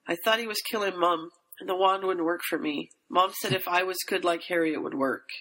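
A woman's voice: fairly low pitch, fairly even intonation, a little fast, sharp tone, pitched below the performer's own voice, poor audio. A woman voicing a frightened young boy, pleading anxiously while reading a fan story aloud. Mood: upset.

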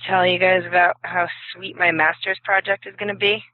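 A woman's voice: fairly low pitch, normal speed, no echo. A woman from Nevada, a teacher and graduate student, chatting casually and telling stories with energy. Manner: animated storyteller. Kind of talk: casual group chat. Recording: phone-like line, dry.

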